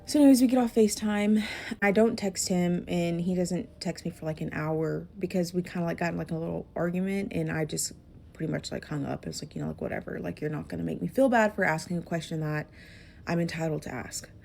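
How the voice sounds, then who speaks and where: Woman doing a chatty storytime, low-ish voice with lots of vocal fry, little bit of music behind. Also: a little fast, a little mellow, slight background noise. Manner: chatty, full of fillers and quoted dialogue. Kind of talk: casual storytime.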